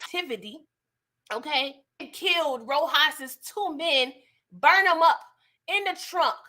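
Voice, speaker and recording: High bright animated woman host. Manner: animated, slangy, laughs and mocks. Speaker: TV recap host. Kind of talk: casual live-stream recap chat.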